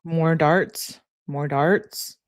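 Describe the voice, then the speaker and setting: A woman's voice: low voice, fairly even intonation, drawn-out words, dry recording, studio quality. A young woman on a live stream reading text messages aloud, often laughing and breaking off with incredulous asides to her viewers.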